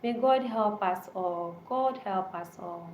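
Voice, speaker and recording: A woman's voice: mid-range voice, takes it slowly, dull audio. Earnest woman repeating herself, echoey room. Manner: earnest and repetitive, restating short phrases. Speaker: live stream host. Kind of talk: casual live-stream chat. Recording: echoey room with faint background noise.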